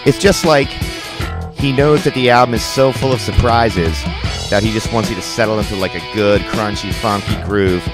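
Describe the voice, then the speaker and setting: Male channel host for an album review, low-pitched, keen and chatty, music running loud under him. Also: moderate pace. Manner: enthusiastic, chatty, lots of "like" and "crazy". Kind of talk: casual track-by-track album review. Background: the album's music playing under the talk.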